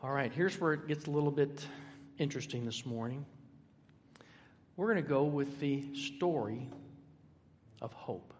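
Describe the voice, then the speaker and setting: An older man preaching a sermon, emphatic, swinging between loud and soft with dramatic pauses. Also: medium pitch, a little hiss or hum. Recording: echoey hall.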